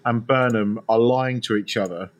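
A man's voice: medium pitch, normal speed. A man in casual conversation who comments on a TV show thoughtfully, often repeating words and swearing now and then. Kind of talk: casual TV recap chat.

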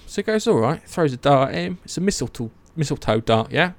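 Animated man telling myths. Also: fairly high pitch, fast talker, gravelly, few pauses. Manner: animated storytelling, swears, acts out quotes. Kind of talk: casual chat.

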